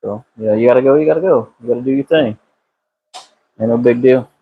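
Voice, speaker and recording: A man's voice: medium pitch, brisk, breathy edge, narrow, tinny audio. Man, garage live-streamer, laid-back drawl, cusses casually, talks to chat on a phone mic. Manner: relaxed, drawling, swears freely, answers chat by name. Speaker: car builder live-streaming a transmission repair. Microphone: phone camera.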